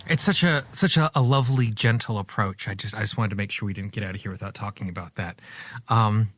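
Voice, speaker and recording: A man hosting a podcast interview, asking his guest a question with a few halting restarts. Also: fairly low pitch, fairly bright tone, no room sound. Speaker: podcast host.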